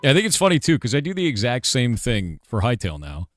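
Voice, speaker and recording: A man in his forties, a game developer, chats casually on a live stream, ranting and swearing while leaning hard on "like" and "dude." His voice is medium-pitched and fairly bright, with wildly swooping pitch and a quick pace. Faint music plays in the background.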